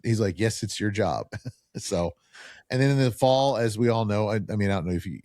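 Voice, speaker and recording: A middle-aged man in a casual podcast chat, an animated storyteller who acts out quoted dialogue. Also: lowish voice, brisk, no room sound, studio quality.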